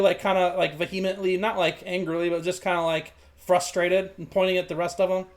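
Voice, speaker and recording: Rambling game master, plenty of restarts. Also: male voice, sits high, little pitch movement, a little fast, few pauses. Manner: rambling, many fillers and restarts. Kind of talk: narrating a tabletop game.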